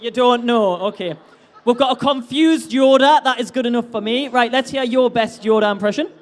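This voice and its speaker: High-voiced man hosting a stage game. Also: normal speed. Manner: jokey, teasing, upbeat banter. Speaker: stage host at a convention. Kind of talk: live audience game hosting.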